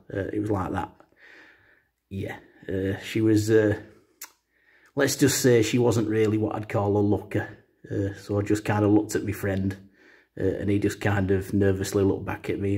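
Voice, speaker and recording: Male vlogger, deadpan storyteller, lowish husky voice, lots of hesitations. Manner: rambling, full of uh fillers. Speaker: comedy vlogger.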